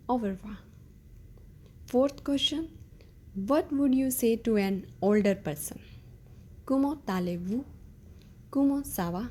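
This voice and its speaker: Woman, language teacher, slow deliberate pace, slightly high voice, patient, repeats words. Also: warm tone. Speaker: French teacher. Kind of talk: slow beginner language lesson.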